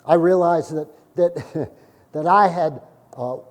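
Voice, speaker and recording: A middle-aged male pastor preaching a sermon, telling stories and acting out the dialogue, with sudden loud bursts. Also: on the high side, slow. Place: church sanctuary. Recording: long hall reverb from a church.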